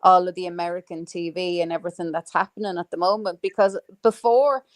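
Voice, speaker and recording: A woman's voice: lowish voice, steady tone, fast talker, no echo. A woman hosting a casual live chat, rambling with lots of fillers and the odd swear word. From Ireland. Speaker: livestream host. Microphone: home microphone on a live stream.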